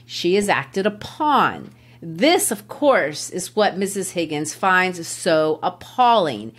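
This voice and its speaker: A woman's voice: mid-range voice, fairly bright tone. A woman teaching literature on a podcast, her voice rising and falling a great deal. She explains in an engaged, explanatory way and laughs often. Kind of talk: educational literature discussion.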